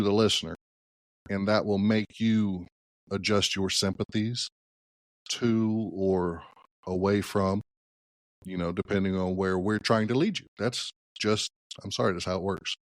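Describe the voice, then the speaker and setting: A man's voice: low voice, steady tone, measured pace, no echo, studio quality. A man hosting a solo political podcast, talking conversationally and thinking aloud with hedges and restarts. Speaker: podcast host.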